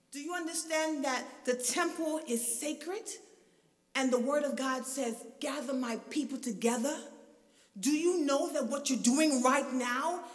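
A woman preaching a lively, expressive sermon in a church that builds to shouted fervor. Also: high-pitched. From from abroad, grew up outside the country. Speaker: guest preacher. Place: church sanctuary. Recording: echoey hall, mic at a distance.

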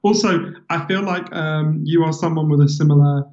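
A man from England with a London accent, a guest author in a casual interview, telling stories in an animated, chatty way and laughing often. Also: on the high side, normal speed, dull audio. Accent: London English.

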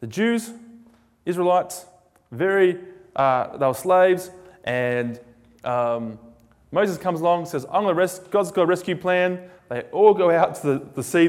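A man preaching a sermon in a casual, joking, animated storytelling way. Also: sits high. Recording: echoey hall with long reverb.

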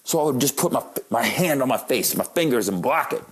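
A man in his late thirties tells comic stories about his life, joking at his own expense. His voice is husky and a bit breathy, at an ordinary male pitch. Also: animated, brisk. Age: late 30s. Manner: joking, self-deprecating. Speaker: comedian. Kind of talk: comic storytelling monologue.

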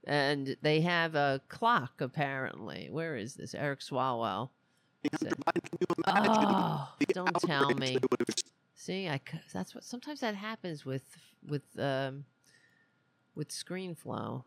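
Brief: commentary host, slow and animated, dry close sound. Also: mid-range voice, gravelly, dry recording. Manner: animated, indignant, many restarts and asides. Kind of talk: casual ranting commentary.

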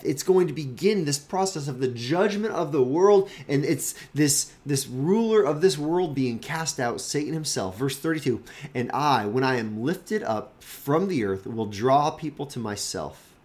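A man's voice: mid-range voice, lively intonation, measured pace, a little mellow. A man, a pastor, giving a daily devotional Bible teaching in an earnest, emphatic, conversational way.

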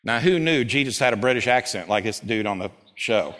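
A man preaching a sermon as pastor at a church service, who swings between loud, urgent stretches and slow, hushed scripture reading. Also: mid-range voice, animated. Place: church service before a congregation.

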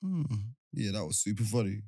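A man's voice: fairly low pitch, sing-song, normal speed, vocal fry, warm tone, no room sound, studio quality. A young man, co-hosting a podcast in casual banter, joking, laughing at his own jokes and arguing playfully in slang. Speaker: podcast co-host.

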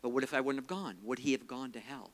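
A man's voice: mid-range voice, fast talker. A middle-aged man preaching a sermon, telling personal testimony in an earnest storytelling manner and quoting scripture. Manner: earnest storytelling, quotes scripture, drops quiet for emotional parts. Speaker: evangelist speaker.

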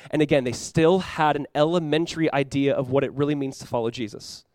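Young guy pastor preaching quick, kinda high voice, animated, does little voices for people. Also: no echo. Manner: animated, acts out playful voices for the disciples. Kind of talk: sermon.

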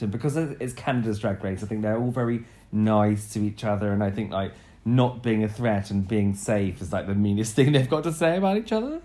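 A man's voice: fairly low pitch, darkish tone. A man co-hosting a podcast in casual chat, rambling and restarting his sentences, often laughing. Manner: rambling, self-correcting, bursts of laughter. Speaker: podcast co-host.

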